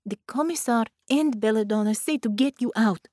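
A woman's voice: fairly high pitch, normal speed, a little mellow, no echo, studio quality, close to an everyday voice. A woman voicing a stern, pale female ally who speaks firmly and threateningly. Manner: firm and threatening.

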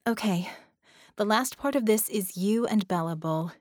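A woman's voice: medium pitch, measured pace, a little mellow, dry recording, studio quality, lightly acted. A woman reading the part of a blunt female team leader in an audiobook, talking in an urgent, persuasive way. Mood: brisk.

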